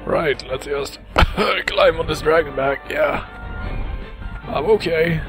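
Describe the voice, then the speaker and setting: A man's voice: a little high, takes it slowly, fairly bright tone. A man giving casual, jokey gameplay commentary while he plays, laughing often. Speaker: let's play commentator. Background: game music.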